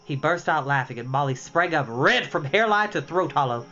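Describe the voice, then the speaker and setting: Lively storyteller in their thirties. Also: medium pitch, moderate pace. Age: 30s. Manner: lively, expressive reading. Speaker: storytime reader. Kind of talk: reading a novel aloud. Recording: dull lo-fi with faint music.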